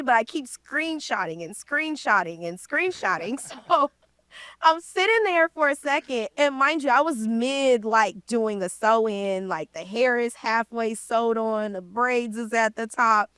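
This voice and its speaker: A woman's voice: a little high, measured pace, clean tone, no room sound. A woman guest in an interview, telling a story in casual slang and acting out the people in it. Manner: lively storyteller, slangy, acts out quoted people. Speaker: interview guest, credit repair coach.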